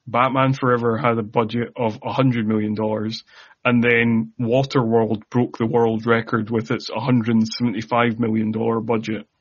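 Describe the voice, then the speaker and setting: A man chatting casually on a podcast, full of restarts and fillers. His voice is husky and mid-pitched. The sound is dull, like a lo-fi recording. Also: little pitch movement, normal speed. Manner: chatty, stammering restarts, laughs at own jokes. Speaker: podcast co-host. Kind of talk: casual chat.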